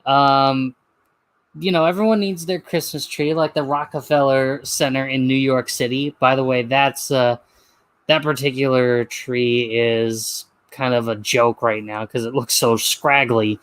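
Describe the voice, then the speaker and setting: A man's voice: mid-range voice, fairly even intonation, a little slow, fairly bright tone, no room sound. A man giving chatty, rambling casual commentary over a video.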